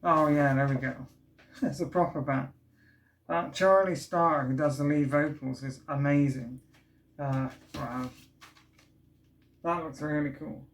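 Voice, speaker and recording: A man's voice: fairly high pitch, fairly even intonation, a little slow, long pauses. A man hosting a casual vinyl unboxing vlog, chatty and enthusiastic, often trailing off and restarting. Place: indoors at home, street works outside. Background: faint building work noise from outside.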